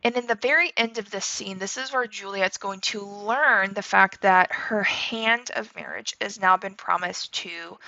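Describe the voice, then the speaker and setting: A woman teacher explains a play in a loose, chatty way. Her voice is bright and a little gravelly. The recording is dry and slightly muffled. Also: mid-range voice, no echo. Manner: casual and chatty, with fillers like "like" and "okay". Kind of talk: literature lesson commentary.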